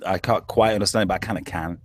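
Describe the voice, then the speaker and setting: Casting: hombre de Yorkshire, charla relajada, algo malhablado, voz seca. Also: male voice, low voice, steady tone, rapid-fire, dry recording. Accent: Yorkshire English. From England. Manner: laid-back, swears and laughs often. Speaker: show host. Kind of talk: casual chat.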